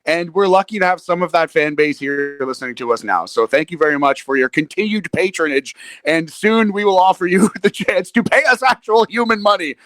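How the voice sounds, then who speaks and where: A man's voice: sits high, fairly quick, few pauses, a bit bright, no echo. A man co-hosting a podcast in casual sports chat, laughing often, joking and swearing freely. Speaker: podcast co-host.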